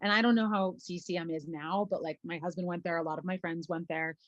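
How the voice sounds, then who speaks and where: A woman's voice: fairly low pitch, fairly even intonation, fast, lo-fi sound. A woman, a former conservatory student, telling a story in a chatty, rambling way with many fillers and self-corrections. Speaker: former classmate, alumna. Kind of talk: casual storytelling conversation.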